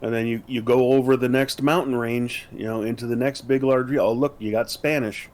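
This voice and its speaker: A man talks casually on a podcast, wandering through his points with frequent fillers and restarts. His voice sits at a middle pitch for a man. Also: steady tone, moderate pace, a little mellow. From United States. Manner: rambling, many fillers and restarts. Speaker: podcast co-host. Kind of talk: casual chat.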